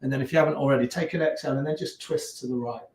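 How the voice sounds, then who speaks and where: A yoga teacher with a Leicester accent talks his class through slow breaths and stretches. His cues are calm and unhurried, broken by easygoing chatty asides. His mid-pitched voice rings around an echoey room. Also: slight background noise. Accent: Leicester English. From England. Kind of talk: guiding a gentle yoga class.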